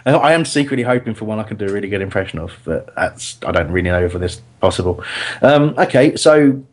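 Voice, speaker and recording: A man's voice: lowish voice, expressive, fast. A man hosting a casual football chat, talking easily with many restarts and laughs. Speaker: podcast host.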